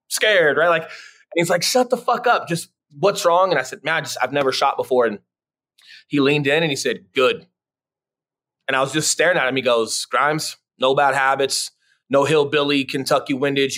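A man's voice: mid-range voice, a bit bright. Laid-back man telling stories. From Colorado. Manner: laid-back, says "man" and "dude" a lot, many fillers. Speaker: podcast guest, real estate agent. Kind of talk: casual interview storytelling.

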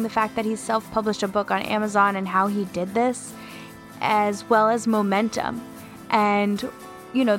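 A woman's voice: mid-range voice, a bit bright. Woman in a put-on British accent. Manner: rambling, self-mocking. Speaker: podcast host. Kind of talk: podcast intro monologue.

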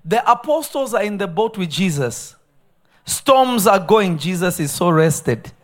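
Very high-voiced man preaching a live sermon. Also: unhurried. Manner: animated, swings from hushed asides to shouted emphasis, laughs often. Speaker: pastor. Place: church sanctuary, live. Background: faint congregation responses.

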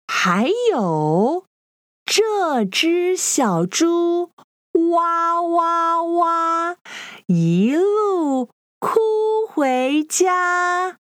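A woman teaching a children's language lesson, repeating each phrase slowly and clearly in a sing-song way. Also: high voice, dry recording, clean studio sound.

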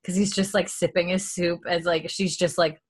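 Animated woman recapping a show. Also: lowish voice, normal speed, husky. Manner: animated, laughs often, acts out characters' lines. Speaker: podcast host recapping a TV episode. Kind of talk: casual chat.

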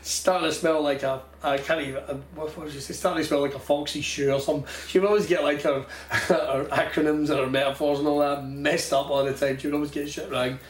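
A man's voice: a little high, steady tone, fast, few pauses. A Scottish man co-hosting a podcast, telling rambling anecdotes with lots of swearing and laughter. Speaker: podcast co-host. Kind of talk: casual chat. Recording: echoey room, faint noise.

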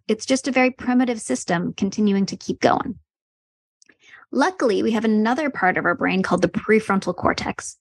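A woman guest on a podcast, explaining clearly with some lift in her voice. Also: mid-range voice, no room sound. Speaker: guest expert on meditation.

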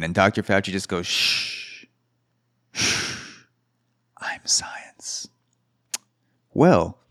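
Sarcastic deep-voiced male podcaster. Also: no echo, studio quality. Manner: sarcastic, rambling, with mock quotes. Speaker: podcast host. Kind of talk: solo comedic commentary.

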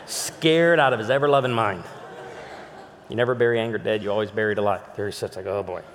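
A man's voice: lowish voice, fast, background noise. A male pastor telling funny stories to a live audience in a big hall, then turning earnest as he makes his appeal. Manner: animated, jokey anecdotes with sudden shifts to earnest appeal. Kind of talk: humorous sermon storytelling. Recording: long hall reverb, live stage recording.

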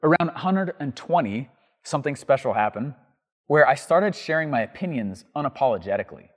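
A man hosting a show and teaching entrepreneurs, telling an energetic, rambling story to the camera with plenty of ums and restarts. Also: medium pitch, fairly quick, in a large hall. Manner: writes on a board while talking.

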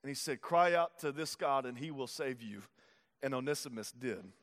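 A man, preaching a sermon as pastor, moving between hushed, intimate passages and loud, urgent ones. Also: medium pitch, lively intonation, moderate pace. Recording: hall reverb.

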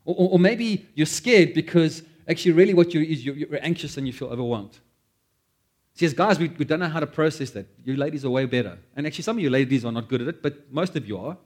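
A man preaching a sermon, animated, acting out quoted prayers and joking at his own expense. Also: fairly high pitch, fast talker. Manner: animated, acts out quoted prayers, self-deprecating asides. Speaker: pastor.

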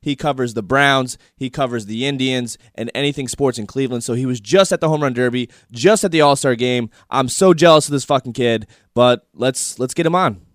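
A man's voice: mid-range voice, a little fast, few pauses, no echo, studio quality. Upbeat man introducing a podcast segment. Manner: upbeat, profane. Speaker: podcast host.

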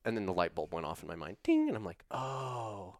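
A man telling a long story in casual conversation, animated and profane, with lots of "like". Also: deep voice, fairly quick, gravelly, no echo, clean studio sound. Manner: profane, animated, uses "like" a lot. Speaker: storyteller guest.

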